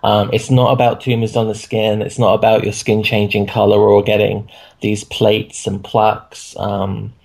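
A man's voice: on the low side, completely flat delivery, normal speed, creaky, a little mellow. A man co-hosting a casual discussion, thinking aloud with hesitant fillers. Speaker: co-host.

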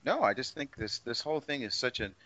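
Bright-voiced man, dry lo-fi sound. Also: mid-range voice, animated, brisk, no echo. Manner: hesitant, many fillers and restarts. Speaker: co-host. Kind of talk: casual podcast chat. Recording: dry close lo-fi audio.

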